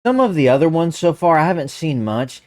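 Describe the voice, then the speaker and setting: A man hosting a reaction video chats casually while watching a show, laughing and thinking out loud. His voice is fairly high and brisk, with big swings in pitch.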